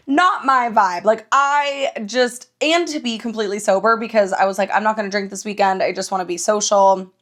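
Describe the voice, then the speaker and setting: A young woman hosting her own podcast, telling stories in a casual, animated way, swearing freely and laughing often. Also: medium pitch, brisk, hardly any pauses. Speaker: podcast host. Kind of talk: casual solo podcast chat.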